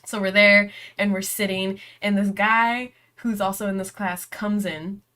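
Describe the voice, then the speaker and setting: A woman's voice: medium pitch, level tone, unhurried, pushed and bright. A young woman telling a rambling story in casual chat as host of a reading vlog, giggling often and filling her speech with "like" and "um". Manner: chatty and giggly, breaks into laughter often; rambling, with many "like" and "um" fillers. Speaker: book vlogger hosting reading sprints.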